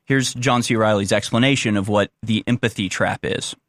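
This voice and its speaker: A man's voice: fairly low pitch, moderate pace, fairly bright tone. A man giving blunt, combative opinion commentary on a clip he is playing, insulting those he disagrees with.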